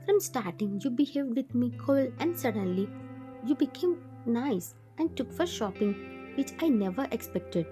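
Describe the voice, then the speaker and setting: A woman's voice: on the high side, animated, moderate pace, music in the background, lightly acted. A woman voicing a frightened, tearful young wife in a fan-fiction audio story, pleading in a lifted voice. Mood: upset.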